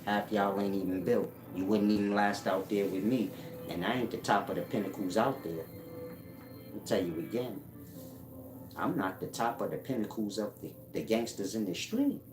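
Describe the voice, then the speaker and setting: A man's voice: lowish voice, normal speed. Blunt streetwise man over music. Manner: profane, streetwise, lecturing. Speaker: self-help channel host. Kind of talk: blunt street-talk monologue. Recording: echoey room with music behind.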